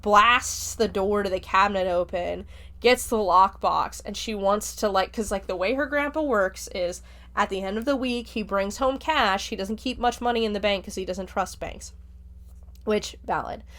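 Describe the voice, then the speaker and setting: A woman with a medium-pitched, slightly bright voice hosts a podcast, reviewing a book by summarizing its plot. She speaks at a moderate pace in a loose, chatty retelling packed with fillers.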